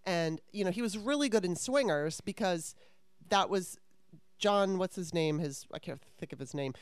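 A woman's voice: on the low side, animated, normal speed, smooth, no room sound. A woman in her fifties hosting a podcast, telling a story in casual chat with a candid, profane and rambling manner. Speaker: podcast host.

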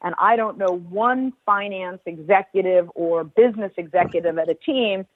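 A middle-aged woman, a former football team executive, speaking as a podcast guest in a measured, emphatic way with precise wording. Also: fairly low pitch, no echo. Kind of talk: podcast conversation. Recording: tinny phone-like line.

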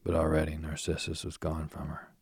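A man reads a myth as a sleep story, slowly and soothingly, sinking now and then into a whisper. His voice is extremely low and gravelly, with a breathy, husky texture. The sound is close and dry. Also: completely flat delivery, darkish tone, no echo. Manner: slow, soothing, drifting into whispers. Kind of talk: bedtime story reading.

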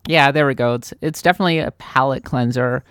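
A woman's voice: very deep voice, quick pace, fairly bright tone, clean tone, no echo, clean studio sound. Chatty Midwestern woman podcast co-host. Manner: chatty, enthusiastic, self-deprecating. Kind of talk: casual podcast chat.

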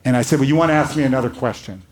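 A man's voice: medium pitch, very fast. An older man, a rabbi, speaking earnestly and telling stories on a panel before a live audience. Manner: earnest storytelling, animated quotes.

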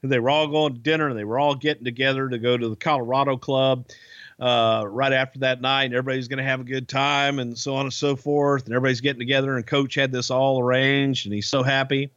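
A man's voice: medium pitch, flat delivery, fast, a bit bright, no room sound. Man telling a profane anecdote, dull dry audio. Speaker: podcast storyteller. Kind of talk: casual storytelling.

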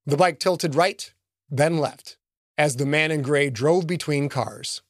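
A man narrating an action audiobook in an expressive storytelling manner. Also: fairly high pitch, slow, no echo, studio quality.

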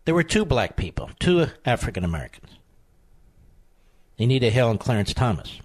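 A man hosting a political talk radio show, combative and emphatic, with sudden high outbursts. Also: sing-song, normal speed, slightly rough.

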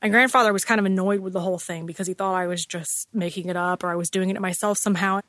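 A woman's voice: mid-range voice, fairly even intonation, very fast, a bit bright, no echo. A woman telling her own ghost story in a casual, candid way with everyday fillers. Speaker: storyteller guest. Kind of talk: personal ghost story told in conversation. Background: music score.

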